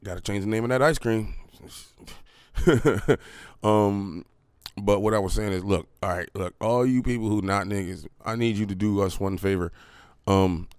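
Young male podcast host, deep and dry, rambling and swearing freely. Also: smooth, no room sound. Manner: profane, rambling, full of fillers and restarts. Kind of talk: casual podcast rant.

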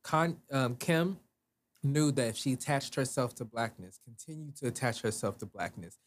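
A man from the Midwest co-hosting a podcast, chatting in a relaxed, storytelling way. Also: mid-range voice, normal speed. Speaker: podcast co-host. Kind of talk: casual chat.

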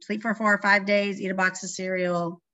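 A woman sharing casually and haltingly at a recovery meeting. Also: mid-range voice, little pitch movement, pushed and bright, muffled recording.

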